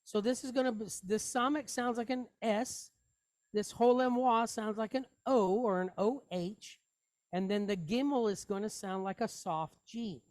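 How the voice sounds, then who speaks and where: A woman's voice: a little high, a little slow, a little mellow, no echo, clean studio sound. A woman teaching a Hebrew reading lesson, sounding out each word step by step and asking rhetorical questions as she goes.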